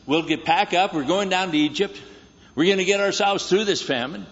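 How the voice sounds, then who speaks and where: A man voicing a confident male patriarch planning a journey, in a brisk, self-assured way, during a sermon. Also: high voice, a bit bright, muffled recording. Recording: echoey church hall.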